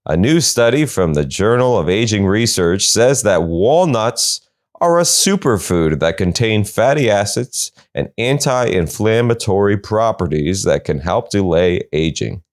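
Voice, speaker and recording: A man's voice: fairly low pitch, animated, a little slow. A man hosting a comedy podcast, reading odd news stories and cutting in with sarcastic quips. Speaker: podcast host.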